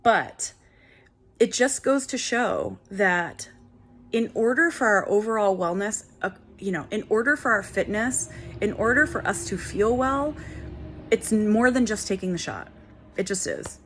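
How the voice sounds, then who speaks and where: A woman's voice: medium pitch, animated, measured pace, fairly bright tone, a little hiss or hum. A woman in her forties hosting a wellness channel, telling a personal story to camera in a candid, chatty way with playful asides. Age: 40s. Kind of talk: casual talk to camera.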